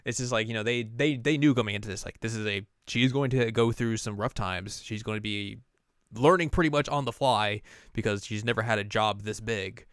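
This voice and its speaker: Smooth low-voiced man casually recapping anime. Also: a little fast, a bit bright, no echo, studio quality. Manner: rambling, lots of fillers, acts out characters. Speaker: host.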